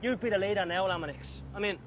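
A man's voice: high voice, quick pace, muffled recording, a little hiss or hum, close to an everyday voice. An actor playing a nervous young male sidekick who rambles and makes wry remarks.

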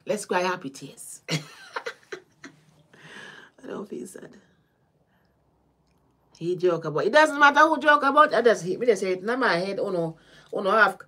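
A woman with a Caribbean accent gives a loose, chatty tarot reading on a livestream. Her voice sits a little low, and she drifts between thoughts and laughs often. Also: a little slow, long pauses, slightly rough. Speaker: tarot reader.

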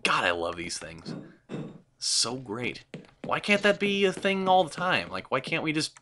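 A young man hosting a let's play, giving sarcastic, excitable gameplay commentary with frequent swearing. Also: on the high side, a little slow, noisy background.

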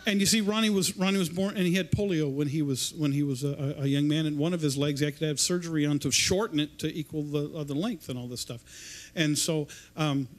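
Guy preaching in church, high voice, rambly, keeps restarting his sentences. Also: fairly quick, few pauses. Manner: rambling, repeats and restarts words. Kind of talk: informal sermon. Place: church service.

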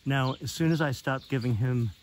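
A man talking to the camera while he feeds and pets his pig, switching to a high sing-song voice when he speaks to the animal. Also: moderate pace. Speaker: pig owner filming his pet. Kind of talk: casual outdoor vlog narration. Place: outdoors on a rural farm. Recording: outdoor farm noise.

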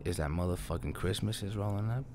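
A young man with a low voice talks in a relaxed, slangy way, swearing freely. A faint hiss of noise hangs behind him as he chats with his co-host. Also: fast. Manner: laid-back slangy, heavy swearing. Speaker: podcast co-host. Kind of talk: casual chat.

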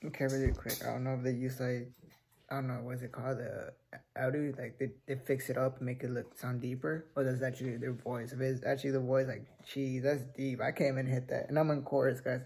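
A man's voice: mid-range voice, little pitch movement, brisk, creaky, a little mellow, husky. A teenage boy hosting a reaction video, chatting casually and rambling between remarks. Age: teens.

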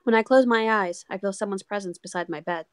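A woman's voice: medium pitch, a little fast, dry recording, studio quality, faint music behind. A woman co-hosting a game playthrough, chatting playfully and reading lines aloud. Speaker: let's play co-host.

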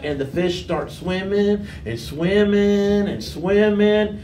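Slow, high-voiced pastor telling a children's story. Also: male voice, a little hiss or hum. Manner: animated storyteller acting out the characters. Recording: echoey room, mic far off.

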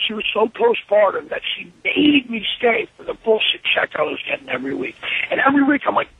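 A man in an interview, telling an animated, profane story and acting out what was said. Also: sits high, fairly quick, few pauses, husky, poor audio. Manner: animated, profane, acts out his own quotes. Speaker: interview guest.

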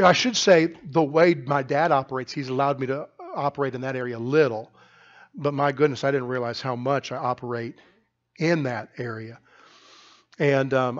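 A male pastor preaching a sermon in a church, telling stories in an animated way with frequent restarts. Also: mid-range voice, lo-fi sound. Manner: animated storytelling with many restarts. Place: church sanctuary.

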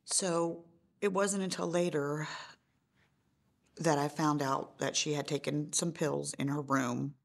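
Brief: middle-aged mother, documentary testimony, low voice with gravelly fry, halting delivery. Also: steady tone. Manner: halting, many fillers, voice rising and breaking in grief. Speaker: bereaved mother interviewee.

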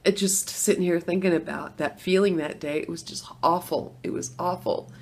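A middle-aged woman telling her own story in a chatty testimonial vlog, laughing between lines and swinging from hushed to loud. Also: fairly low pitch, steady tone, normal speed, slightly rough.

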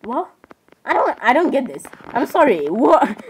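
Woman vlogger, a little high-pitched, rambling and giggly, constantly apologizing. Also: big pitch swings, measured pace, a little mellow, slight background noise, rough recording. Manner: rambling, keeps apologizing, giggly, says "literally" often. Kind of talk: casual screen-browsing commentary.

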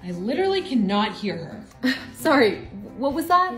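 A young woman performing character comedy sketches in an animated style, swinging between exaggerated voices. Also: mid-range voice, brisk. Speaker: comedy creator. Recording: echoey room with faint music.

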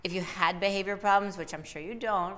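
A woman dog trainer answering questions live, explaining with lively asides and little acted-out voices for dogs and owners. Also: medium pitch, fairly quick. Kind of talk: live Q&A advice.

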